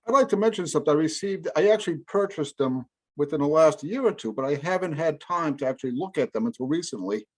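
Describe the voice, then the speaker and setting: A man's voice: fairly high pitch, animated, quick pace, a little mellow, breathy edge. A middle-aged man co-hosting a casual podcast, rambling and correcting himself as he talks enthusiastically about albums. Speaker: podcast co-host. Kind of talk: casual chat about music.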